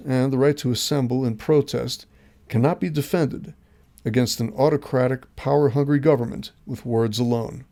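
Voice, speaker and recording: A man's voice: medium pitch, mellow. A man hosting his own show, reading scripted commentary in an earnest, emphatic way with rhetorical questions. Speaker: host.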